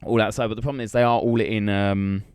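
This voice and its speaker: A young man co-hosting a podcast rattles off a story, cursing liberally and performing every bit of dialogue. His ordinary-pitched voice is clean, a little mellow, and fairly even in intonation, captured close and dry with no echo or room sound.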